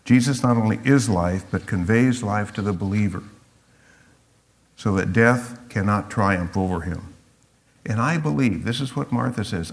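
A man's voice: fairly low pitch, moderate pace. A man teaching through a Bible passage verse by verse, reflective and explanatory, sometimes acting out the quotes.

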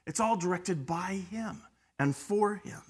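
A man preaching a sermon, shifting between hushed, quiet stretches and loud, emphatic bursts, often repeating words as he starts a phrase. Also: sits high, measured pace, husky. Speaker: pastor.

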